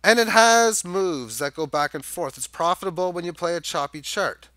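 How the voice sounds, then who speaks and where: A Canadian crypto chart analyst walks through charts in a rambling, casual way, thinking aloud with fillers and restarts. His voice is high and a bit bright at a normal speed, and the recording is dry.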